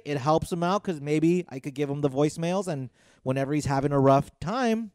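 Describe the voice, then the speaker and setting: A man's voice: on the high side, fairly quick, a little mellow, no echo, clean studio sound. A man hosting a casual podcast, joking easily and hesitating when the talk turns serious. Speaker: podcast host.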